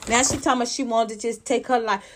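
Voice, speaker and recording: A woman with a fairly high voice sounds off on celebrity news in a blunt, cussing, sarcastic vlog rant. She keeps firing rhetorical questions at the person she is talking about. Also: steady tone, quick pace, slight background noise. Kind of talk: heated celebrity gossip commentary.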